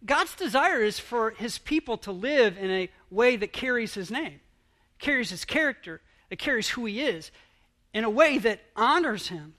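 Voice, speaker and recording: A pastor preaching a sermon in an earnest, halting way, often restarting his phrases. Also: very high voice, expressive, pushed and bright.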